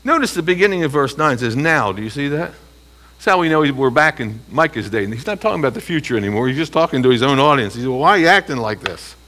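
A man's voice: medium pitch, expressive, fast, a bit bright. A man teaching a Bible study, reading scripture aloud and answering his own rhetorical questions with emphasis. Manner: reads scripture aloud and comments between phrases.

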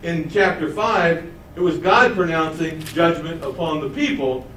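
A man teaches a Bible study lesson, his voice sitting a little high for a man. He keeps asking his listeners questions and then answers them himself. He is recorded from some distance in an echoey room, with faint room noise behind. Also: unhurried, a bit bright. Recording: roomy, mic at a distance.

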